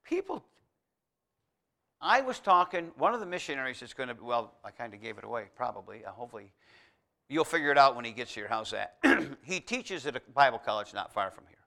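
A male preacher with a bright, forward tone gives a homey, conversational sermon. He breaks off into asides and restarts, then climbs into loud, emphatic exhortation. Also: medium pitch, big pitch swings, brisk, vocal fry.

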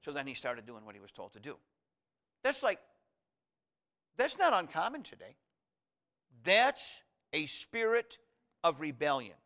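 A middle-aged male pastor preaching a sermon, pushing his voice up hard on key points and going soft and hushed when he prays. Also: wildly swooping pitch, unhurried, pauses often. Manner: emphatic preaching that rises high and loud on key points; drops to a quiet, soft voice in prayer.

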